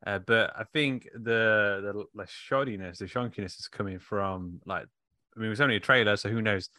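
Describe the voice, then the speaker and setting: A joking man co-hosting a casual chat, his lowish voice bright and crisp in tone. He laughs easily between quips. The sound is close and dry. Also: normal speed, dry recording. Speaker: podcast co-host.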